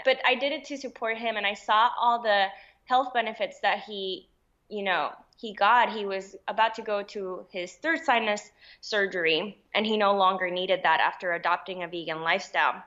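A woman's voice: medium pitch, moderate pace, sharp tone, muffled recording. A woman from Rico, chatting casually as a podcast guest, laughing easily. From Puerto Rico. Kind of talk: casual interview chat.

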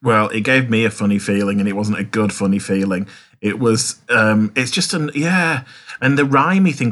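A man's voice: lowish voice, moderate pace, fairly bright tone. A man co-hosting a casual podcast chat, dramatic and theatrical in his disgust. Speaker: podcast co-host.

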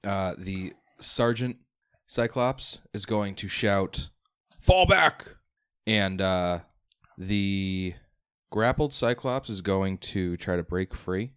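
A man's voice: low-pitched, takes it slowly, smooth. A man acting as game master, explaining rules step by step and thinking aloud as he runs a tabletop game.

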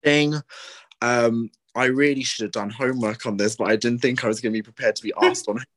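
A man's voice: mid-range voice, steady tone, fairly quick, a bit bright. A young man co-hosting a podcast in casual, rambling chat, full of ums and likes. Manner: rambling, filler-heavy. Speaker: podcast co-host.

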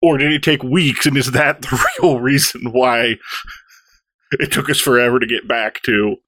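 A man's voice: medium pitch, moderate pace, sharp tone, no echo. A man chatting casually about a shared video game, laughing often and adding jokes. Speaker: podcast co-host. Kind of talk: casual chat.

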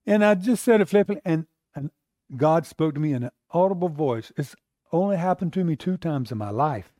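A man's voice: fairly high pitch, lively intonation, fairly quick, warm tone, no echo, studio quality. Earnest middle-aged male pastor preaching. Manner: storytelling, earnest and conversational, with acted-out inner quotes. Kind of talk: sermon.

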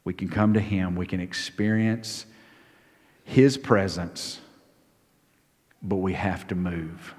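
A man preaching a sermon as pastor, swinging from hushed, quiet lines to loud, high, impassioned ones. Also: steady tone, takes it slowly, long pauses, big-room sound.

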